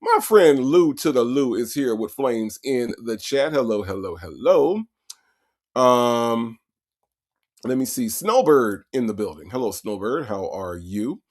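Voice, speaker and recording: A man's voice: mid-range voice, animated, unhurried, darkish tone. A man hosting a casual livestream, reading out viewers' names from the chat and greeting each one with repeated hellos. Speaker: livestream host. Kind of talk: casual livestream shout-outs.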